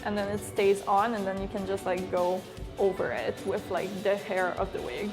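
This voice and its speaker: A woman's voice: medium pitch, moderate pace, over music. A young woman cosplay guest explaining a wig technique, hesitant with many ums.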